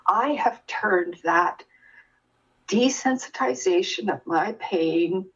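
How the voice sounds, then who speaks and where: An older woman telling an earnest personal story as a guest, with many restarts and a lively telling voice. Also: mid-range voice, slow, husky, muffled recording. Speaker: guest sharing her experience.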